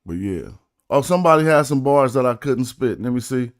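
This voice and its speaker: A man's voice: mid-range voice, lively intonation, a little fast, dry recording, clean studio sound. A man streaming casually, chatting. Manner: laid-back slang, breaks down rhymes syllable by syllable. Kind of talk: casual livestream chat about rap and study.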